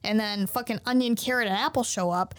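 A woman's voice: a little high, fairly quick. A woman co-hosting a podcast in casual chat, swearing freely as she retells a story. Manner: profane, animated retelling with quoted voices. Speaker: podcast co-host.

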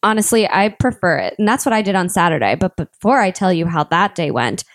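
A woman's voice: lowish voice, expressive, brisk, no echo, studio quality. A woman co-hosting a casual podcast, teasing her friend and prompting her with questions. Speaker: podcast co-host. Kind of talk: casual chat.

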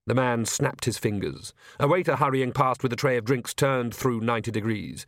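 A man reading a comic fantasy novel aloud in a measured, wry storytelling voice. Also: mid-range voice, dry recording, clean studio sound. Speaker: audiobook narrator. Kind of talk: scripted narration.

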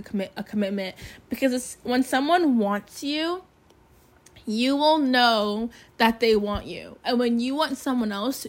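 A young woman hosting her own podcast, talking candidly and emphatically about self-love, swearing freely. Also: on the high side. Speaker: podcast host. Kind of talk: casual solo podcast talk.

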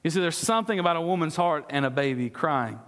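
Pastor, male, earnest preacher with a fairly high voice, questioning his congregation, some stammered restarts, recorded in an echoey church hall. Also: animated, quick pace, fairly bright tone. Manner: earnest, asks the congregation questions, stumbles and repeats words. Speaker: discipleship pastor. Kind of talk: sermon. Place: church sanctuary.

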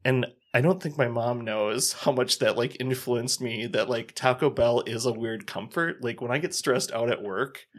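A man's voice: mid-range voice, moderate pace, hardly any pauses. A man co-hosting a podcast, telling a story in casual chat with lots of filler words. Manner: rambling, filler-heavy storytelling. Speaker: podcast co-host.

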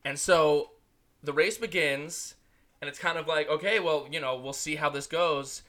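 A man's voice: a little high, steady tone, moderate pace, bright, forceful tone. A young American man co-hosting a podcast, telling a rambling, profane story in casual sports chat. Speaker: podcast co-host.

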